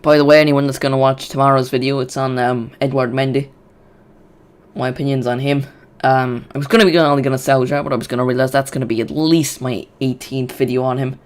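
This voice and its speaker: A man hosting a live football watch-along, chatty and excitable, often restarting his sentences. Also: medium pitch, quick pace.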